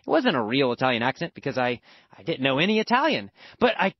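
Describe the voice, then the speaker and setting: A man's voice: medium pitch, very animated, quick pace, breathy edge, no echo. An American man teaching a language lesson through a personal story, emphatic and repeating words for stress. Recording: dull lo-fi dry recording.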